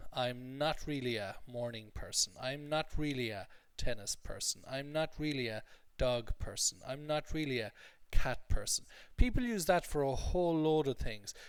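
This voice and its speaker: A man's voice: medium pitch, clean tone, no room sound. Male English teacher explaining patiently. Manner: explanatory, repeats points, frequent "okay?" checks. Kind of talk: recorded lesson recap.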